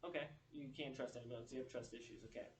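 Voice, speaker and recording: A man's voice: mid-range voice, racing, recorded from a distance, background noise. A man giving a motivational keynote to students, telling stories and acting out what others said. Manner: storytelling, animated quoting of others. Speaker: motivational speaker. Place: large echoey room, speaking to an audience. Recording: echoey room, picked up from afar.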